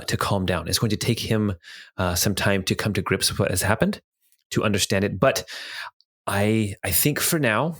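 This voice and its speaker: A man's voice: on the low side, fairly bright tone. A man voicing a stern female ship captain who firmly commands her pupil. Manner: commanding, firm. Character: stern woman ship captain, firm mentor.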